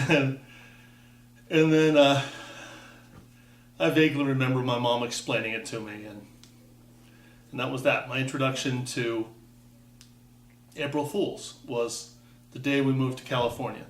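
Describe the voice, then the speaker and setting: A man's voice: mid-range voice, fairly even intonation, a little slow, pauses often, distant mic. A man in his fifties from Wisconsin, telling a rambling personal story with wry asides and frequent restarts. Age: 50s. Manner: rambling, self-interrupting, wry. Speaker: vlogger. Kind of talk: casual personal monologue. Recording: echoey room, voice off-mic.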